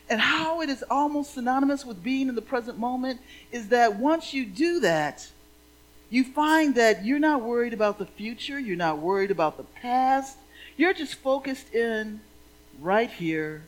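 A woman's voice: on the high side, animated, a little slow, low-quality recording. A woman minister giving a sermon in a playful, conversational way.

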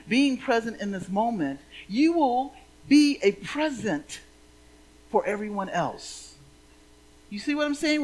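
Woman minister delivering a relaxed, playful, conversational sermon. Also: high-pitched, low-quality recording.

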